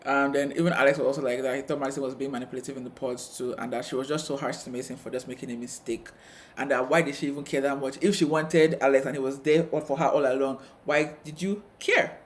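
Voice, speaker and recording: A man co-hosting a casual TV review chat, retelling scenes with quick asides. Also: mid-range voice, fairly even intonation, a little hiss or hum. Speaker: co-host of a TV review channel.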